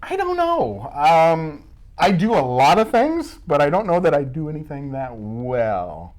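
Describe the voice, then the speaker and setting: This time the Midwestern school staffer's voice sits fairly high, with big swings in pitch, a slightly slow pace, and a darkish tone. Being interviewed, the middle-aged man from Iowa jokes around and teases himself through his stories.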